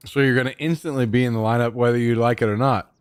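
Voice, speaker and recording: A man's voice: medium pitch, fairly even intonation, fast, clean tone, no echo. Joking young streamer guy, dry close mic. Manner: loose, joking, talks to chat and his dog, swears casually. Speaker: livestreamer. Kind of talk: casual live-stream chat.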